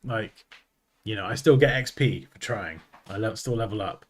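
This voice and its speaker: Speaking in a lowish voice at a moderate pace, a man streams live from his desk at home, joking around and laughing at himself. He's a streamer and design tutor making casual chat.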